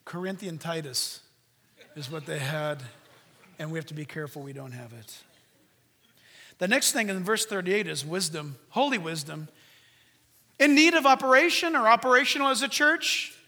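A man preaching a sermon as a pastor, animated, now and then mimicking voices in a high shout. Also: normal speed, pauses often. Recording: long hall reverb.

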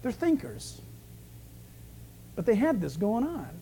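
A man preaching a sermon, animated, acting out the scenes he tells. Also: very high voice, takes it slowly, slightly rough. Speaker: pastor.

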